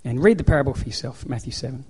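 A man's voice: mid-range voice, expressive, rapid-fire, breathy edge. Man preaching an emphatic sermon. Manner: emphatic, repetitive, exhorting. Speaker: pastor. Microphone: handheld microphone.

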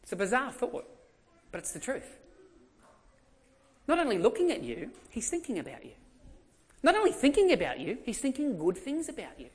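A man's voice: very high voice, wildly swooping pitch, moderate pace, pauses often. An Australian man preaching a sermon as a pastor, telling stories in a conversational way and repeating emphatic phrases.

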